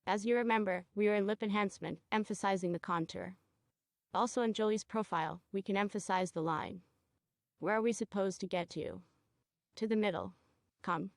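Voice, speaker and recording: A woman teaching a cosmetology procedure, guiding a student step by step and checking in with quick questions. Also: mid-range voice, no room sound, clean studio sound. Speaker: cosmetology instructor. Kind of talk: hands-on training demonstration.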